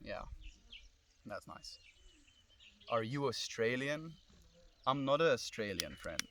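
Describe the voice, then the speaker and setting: Relaxed South African man streaming outdoors. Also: mid-range voice, slow pace, background noise. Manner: relaxed, friendly, reflective, calls viewers friend. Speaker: live streamer. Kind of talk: casual live-stream chat reading comments. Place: outdoors under a tree in the sun. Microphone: phone.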